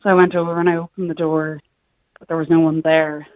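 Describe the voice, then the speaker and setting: A woman's voice: low voice, little pitch movement, fast, dry recording. A young woman from Sligo with an Irish accent, a radio guest telling a personal story in an earnest, matter-of-fact way. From Ireland, Sligo. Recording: tinny phone line.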